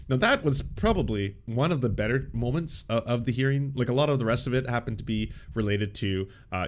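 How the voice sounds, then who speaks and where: A man's voice: medium pitch, animated, moderate pace, few pauses. A man hosting political commentary, talking casually and sarcastically with lots of filler words.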